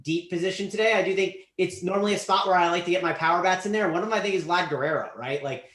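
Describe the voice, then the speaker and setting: A man hosting a casual sports betting show, animated, his voice swinging up and down and trailing off quietly. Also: high voice, very fast, roomy sound. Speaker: show host.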